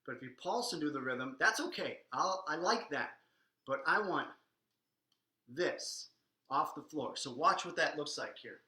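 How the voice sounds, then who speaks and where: Energetic male dance teacher, echoey room. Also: a little high, a little slow. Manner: energetic, coaching, counts out beats while dancing. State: a little out of breath. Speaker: swing dance instructor. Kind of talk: live online dance lesson.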